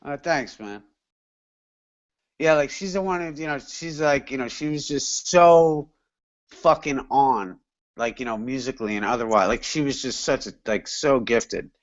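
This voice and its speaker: A man's voice: mid-range voice, measured pace, muffled recording. A man from England in a casual chat, rambling and slangy with lots of fillers. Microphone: video call.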